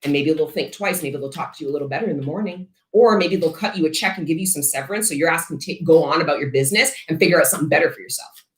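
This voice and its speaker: In her echoey studio, a female tarot reader gives a collective reading, speaking very fast in a low voice. She's blunt and swears, rambling off into self-interrupting asides.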